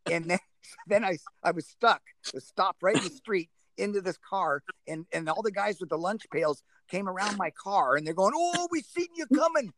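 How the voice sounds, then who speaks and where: A man's voice: high-pitched, a bit bright, a little hiss or hum. A man, chatting outdoors on a video call and rambling through old stories with chuckles. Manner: rambling, chuckling, restarts a lot. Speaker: guest, former speedway rider. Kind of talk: casual storytelling chat.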